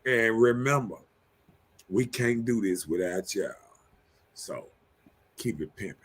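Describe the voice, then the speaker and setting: A man's voice: fairly low pitch, expressive, slow pace, husky. A man hosting a casual live-stream chat, joking and laid-back as he talks. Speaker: show host.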